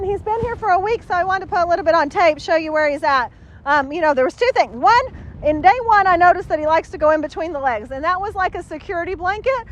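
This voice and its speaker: A woman dog trainer recorded outdoors, talking casually through a training session and giving a dog lots of upbeat praise. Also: high voice. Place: outdoors, cold and windy.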